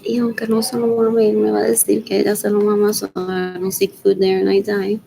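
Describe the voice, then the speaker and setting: Woman streamer, gravelly and higher-pitched, rambling and repetitive, dips into whispers. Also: little pitch movement, brisk, slight background noise, low-quality recording. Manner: drifts between loud talk and near-whispers; rambling, repeats filler questions to herself. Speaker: livestreamer. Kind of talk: rambling solo livestream chat.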